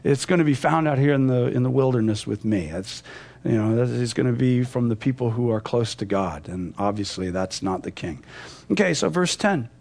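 A man's voice: medium pitch, expressive, moderate pace, vocal fry, a little mellow. A man teaching a Bible passage verse by verse, explaining and retelling it in a conversational way.

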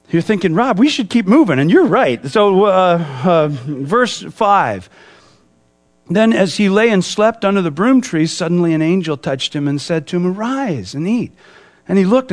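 A man preaching a sermon, reading scripture and explaining it with many restarts and acted quotes. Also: on the high side. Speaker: pastor.

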